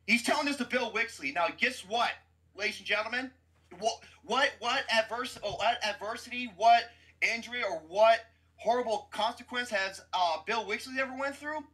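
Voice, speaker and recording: A man hosting a podcast, ranting about football in a loud, cursing, mocking way. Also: very high-pitched, moderate pace. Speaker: podcast host. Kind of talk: profane sports rant.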